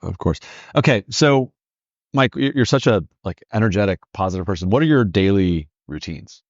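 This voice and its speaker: Deep-voiced male podcast host. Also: animated, dry recording, highs cut off. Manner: reads quickly, asks short questions. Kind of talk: interview, reading a letter aloud.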